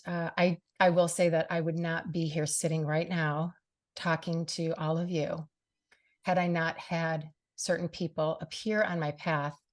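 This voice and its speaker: A middle-aged woman hosting a radio show and podcast, speaking earnestly and from the heart to her listeners, often saying "you know". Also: sits low. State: briefly tearful. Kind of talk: personal monologue to listeners.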